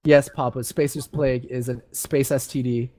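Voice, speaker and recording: A man's voice: mid-range voice, little pitch movement, moderate pace, dark tone, dry recording. A young man reading game lore aloud on voice chat, breaking off for chatty, self-mocking asides. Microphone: headset on voice chat.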